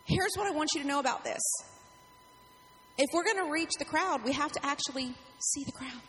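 Brief: middle-aged woman pastor, animated storytelling sermon, high voice, long hall reverb. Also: brisk.

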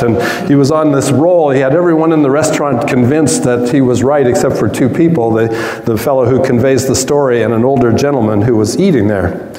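A male pastor delivers a sermon in a relaxed, conversational way, turning to the room with asides. His voice has a mellow, dark tone. It carries through a large hall with long echo. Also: mid-range voice. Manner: conversational, warm-humored preaching with asides.

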